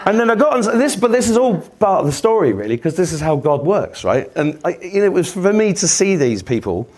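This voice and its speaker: An English man in his fifties tells rambling, profane stories. His pitch leaps around, and it sits a little higher than most men's. He jokes his way through the talk and laughs along as he goes. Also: sing-song, a little fast, a little mellow. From England. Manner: sweary, rambling, jokey, laughing. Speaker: speaker. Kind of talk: casual storytelling talk.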